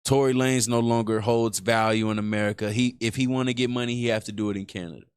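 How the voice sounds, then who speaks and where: A man's voice: medium pitch, steady tone, quick pace, smooth. A man giving blunt, profane reaction commentary in a casual streaming style. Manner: blunt, profane, repetitive emphasis.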